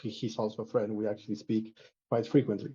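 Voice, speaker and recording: A man's voice: lowish voice, fast talker. Emphatic man on a muffled call. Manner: animated, emphatic, arguing a point. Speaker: community panelist. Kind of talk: casual spaces discussion.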